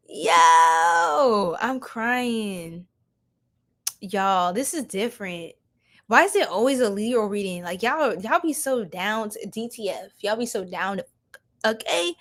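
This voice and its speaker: Giggly slow-talking young woman reader. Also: a little high, lively intonation, a bit bright. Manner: giggly, slangy, chatting to viewers. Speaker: tarot reader livestreaming. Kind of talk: casual livestream tarot reading.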